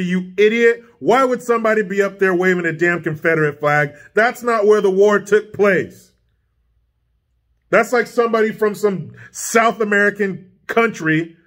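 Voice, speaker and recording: A high-voiced man delivers a profane, combative political rant for his vlog. His tone is sarcastic and cutting, and he speaks from a home studio. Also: fairly bright tone. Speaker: vlogger, political commentator. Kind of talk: ranting political commentary vlog.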